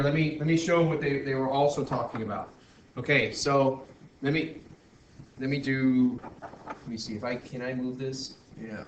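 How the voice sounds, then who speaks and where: A male math teacher talking through a screen-recorded lesson, working step by step with frequent restarts and self-corrections. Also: medium pitch. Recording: roomy echo, faint background noise.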